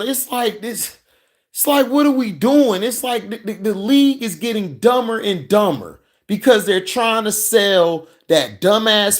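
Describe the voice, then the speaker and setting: Heated, slow-talking sports ranter. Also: male voice, high-pitched. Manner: heated, profane, mocking. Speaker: sports commentary vlogger. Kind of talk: ranting football reaction commentary.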